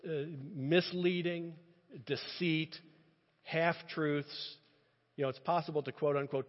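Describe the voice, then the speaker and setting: A man preaching a sermon in an impassioned, animated way, often restarting his phrases. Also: a little high. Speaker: pastor. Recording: muffled sound with long reverb.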